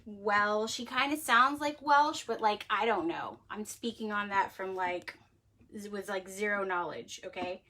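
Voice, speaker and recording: On her relaxed cosmetics-making livestream, the host of a handmade cosmetics show talks in a rambling, chatty way, peppered with "like" and easy laughter. Her mid-range voice sounds pushed and bright, and there's slight background noise.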